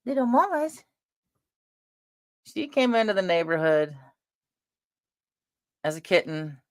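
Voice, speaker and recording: A middle-aged woman rambling through family stories in a casual, animated vlog chat. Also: low voice, measured pace, smooth, dry recording, clean studio sound. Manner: rambling, animated, talks with her face. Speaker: vlogger.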